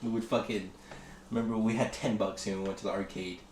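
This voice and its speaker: A man's voice: on the low side, fairly even intonation, quick pace. Rambling profane young man in echoey room. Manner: rambling, profane, acts out quotes loudly. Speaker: podcast host. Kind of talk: casual storytelling chat. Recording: echoey room with faint noise.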